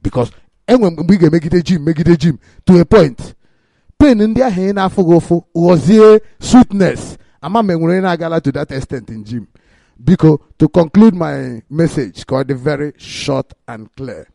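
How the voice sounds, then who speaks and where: Brief: gravelly man, mellow tone, emphatic delivery, dry sound. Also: a little high, animated, normal speed, no room sound. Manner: emphatic, preaching-like, mixing Igbo and English. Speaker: speaker at a radio meeting.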